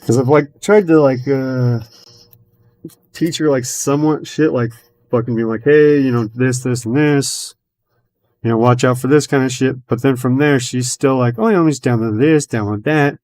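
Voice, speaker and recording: A man in a loose podcast conversation, with a voice of middling pitch. He rambles through a long story, swears nearly every sentence, fills gaps with uh and you know, and acts out what others said as he goes. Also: steady tone, moderate pace, a little mellow. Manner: rambling storyteller, swears constantly, many fillers; retells his own and others' words as quoted dialogue. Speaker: podcast host. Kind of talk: casual chat.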